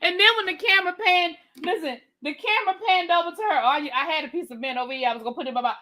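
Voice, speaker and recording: A woman's voice: very high voice, rapid-fire, pushed and bright. A woman reviewing a TV show in a live rant, heated and profane, with repetitive slangy outbursts aimed at her viewers. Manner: slangy, addresses viewers as y'all and baby.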